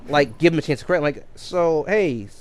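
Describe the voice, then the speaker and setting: A man's voice: fairly high pitch, rapid-fire. Man rambling through a story. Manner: rambling, many restarts and self-corrections. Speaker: game streamer. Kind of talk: casual storytelling on a livestream.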